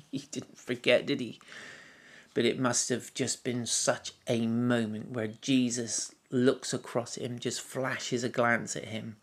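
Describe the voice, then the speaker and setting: A man preaching a sermon, reading scripture aloud and musing on it in a gentle, reflective way with soft asides. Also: medium pitch. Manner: reads scripture aloud, then muses on it.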